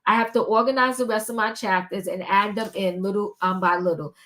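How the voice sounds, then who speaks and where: Older woman reading aloud haltingly. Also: medium pitch, steady tone, bright, forceful tone. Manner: halting, with many ums and restarts. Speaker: commentary vlogger. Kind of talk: casual commentary, reading a text aloud.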